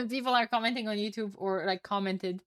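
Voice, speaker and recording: A woman commentating a strategy game alone for her live chat, chatty and excitable, tired and with a headache. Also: medium pitch, normal speed, clear, resonant tone, dry recording, clean studio sound. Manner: chatty, excitable, swears and laughs at herself. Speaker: esports caster.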